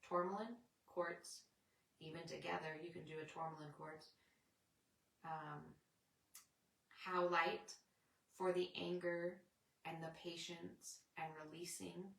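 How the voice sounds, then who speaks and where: Chatty spiritual host, female, lower pitch, sits back from the mic. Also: level tone, measured pace, gravelly, a bit bright, reverberant, far from the mic, a little hiss or hum. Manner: rambling, chatty, reads out viewer comments. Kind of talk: casual spiritual chat with viewers.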